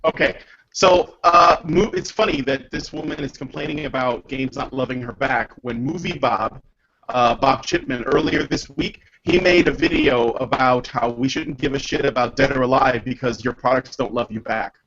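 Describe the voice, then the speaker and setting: A man co-host with a gravelly voice who talks in a laid-back, hesitant way. His glitchy call line makes him sound robotic and dull. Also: medium pitch, normal speed, fairly bright tone. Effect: glitchy robotic call audio. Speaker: podcast co-host playing clips. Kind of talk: casual podcast chat.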